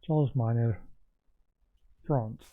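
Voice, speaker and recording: A man's voice: medium pitch, slow pace. A man streaming a game, thinking aloud as he puzzles over clues. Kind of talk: gameplay commentary. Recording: muffled lo-fi sound with faint game music.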